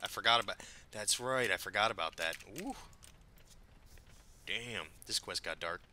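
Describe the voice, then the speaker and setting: A man with a low, very bright, sharp voice, chatting through his gameplay. He rambles, swears freely and jumps from calm to loud outbursts. A faint hiss runs behind him. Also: fairly quick. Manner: profane, excitable, rambling. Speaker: gameplay commentator. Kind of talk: casual let's-play commentary.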